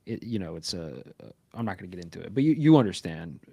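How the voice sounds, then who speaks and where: A man's voice: low-pitched, sing-song, fast talker, creaky, dark tone, husky, dry recording, clean studio sound. A man co-hosting a live podcast, rambling and profane, leaning on "right?" and "like" as he talks. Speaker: podcast co-host. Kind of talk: casual live podcast chat.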